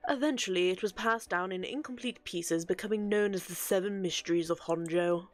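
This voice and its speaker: A woman's voice: fairly low pitch, natural voice. Woman reading a scholarly male researcher. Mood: earnest. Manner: measured, explanatory delivery. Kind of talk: reading game dialogue aloud.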